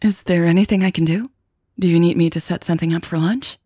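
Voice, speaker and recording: A woman voicing an eager, shy young woman in love, who gets squeaky when flustered. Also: fairly even intonation, quick pace, dark tone, slightly rough, no echo, clean studio sound.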